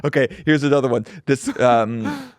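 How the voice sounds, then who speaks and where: A man's voice: medium pitch, normal speed, smooth, dry recording, clean studio sound. A man co-hosting a podcast, telling stories animatedly with swearing and impressions. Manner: animated storyteller, swears, mimics people he overheard. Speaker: podcast co-host. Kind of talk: casual chat.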